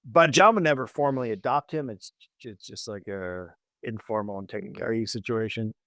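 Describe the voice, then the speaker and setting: A man's voice: fairly low pitch, a bit bright, dry recording, studio quality. Male host casually retelling history. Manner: halting, many restarts and fillers. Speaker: podcast host telling a history story. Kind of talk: casual comedic storytelling.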